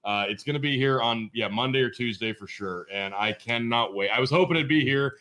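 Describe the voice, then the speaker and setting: A man's voice: mid-range voice, a little fast, pushed and bright. A man co-hosting a podcast, chatting casually with friends and laughing through profane banter. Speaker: podcast co-host. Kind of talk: casual group chat.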